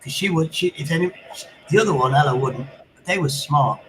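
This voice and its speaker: A man's voice: on the high side, a little fast, fairly bright tone, a little hiss or hum, poor audio. A middle-aged man, telling sweary anecdotes in casual chat on a livestream. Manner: swearing anecdotes with sound effects. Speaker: livestream host.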